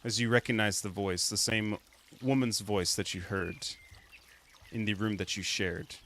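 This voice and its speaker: Slow, low-voiced man game master. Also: steady tone, fairly bright tone. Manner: slow, descriptive, measured. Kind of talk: narrating a tabletop game.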